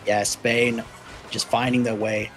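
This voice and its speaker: A man giving play-by-play commentary on a competitive racing match, measured and hedging, with frequent fillers. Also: mid-range voice, little pitch movement, fairly bright tone, soft background music, poor audio. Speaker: esports commentator.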